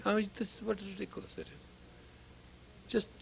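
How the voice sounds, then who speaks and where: A man's voice: high-pitched, fairly even intonation, normal speed, creaky, pauses often, a bit bright, slightly rough. A man lecturing as a spiritual teacher, emphatic and repetitive, sometimes dropping to a whisper for emphasis. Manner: emphatic, repetitive, acts out dialogue. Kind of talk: lecture to students.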